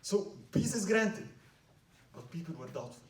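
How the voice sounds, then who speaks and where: A man's voice: high voice, big pitch swings, unhurried, slight background noise. A man telling a story in a dramatic lecture, often asking the audience "right?", in a hall at an Islamic center. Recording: roomy hall, mic at a distance.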